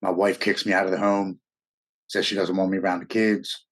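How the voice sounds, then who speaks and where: A man's voice: low voice, level tone, brisk, a bit bright. A middle-aged American man telling his personal story as an interview guest, blunt, raw and profane. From United States.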